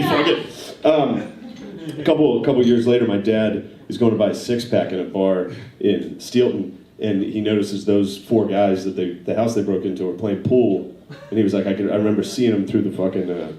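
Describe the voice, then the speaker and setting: A man doing stand-up, telling a long profane story in a loose, laughing way before a live audience. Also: on the low side. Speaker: stand-up comedian. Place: large studio theater with live audience. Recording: roomy hall, distant mic, loud audience laughter.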